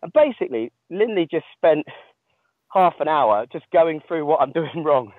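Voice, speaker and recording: On the phone from outdoors on a long-distance trail, the ultramarathon man speaks at a moderate pace in a sing-song voice on the high side, telling his story with self-mocking laughter. The line is dry and tinny with no room sound.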